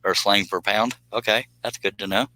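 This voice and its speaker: A man hosts a late-night live stream in a loose, rambling way, cracking jokes and chuckling at them. His voice sits very low yet comes across sharp and forceful. The sound is dry and close. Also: steady tone, normal speed, dry recording, poor audio. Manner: joking, rambling, laughs at his own jokes. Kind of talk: casual live stream chat, reading viewer comments.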